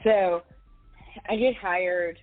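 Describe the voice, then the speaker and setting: A woman's voice: lowish voice, fairly even intonation, extremely slow, faint music behind. A woman in her forties telling stories in a casual interview, with a Valley girl way of talking and lots of laughter. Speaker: podcast guest. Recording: tinny phone-like line.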